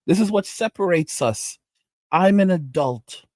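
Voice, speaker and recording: A man's voice: high voice, animated, a little slow, darkish tone, no room sound. A man hosting a commentary channel, ranting in an exasperated, lecturing way with frequent restarts.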